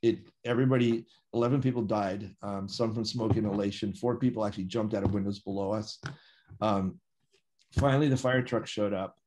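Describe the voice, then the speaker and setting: A man telling a gripping first-person story in an animated, vivid way, acting out quoted dialogue. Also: fairly low pitch, a little fast. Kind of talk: conversational storytelling.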